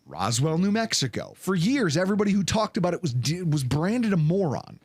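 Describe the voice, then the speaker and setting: A man's voice: high-pitched, very animated, a little fast, husky, no room sound. A man hosting a sports podcast, ranting in a casual, sarcastic way. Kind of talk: casual sports talk rant.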